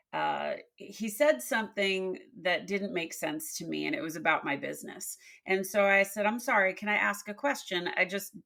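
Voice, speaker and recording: A woman's voice: fairly low pitch, gravelly. A woman leadership coach telling workplace stories as a podcast guest, acting out the dialogue as she goes. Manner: expressive storyteller, acts out dialogue. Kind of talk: storytelling interview.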